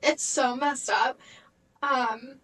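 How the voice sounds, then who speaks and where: A young woman with a high, light voice talks through a casual podcast chat. She rambles freely and leans on fillers. She acts out little quotes as she goes. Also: steady tone, very slow, fairly bright tone, slightly rough, poor audio. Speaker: podcast co-host.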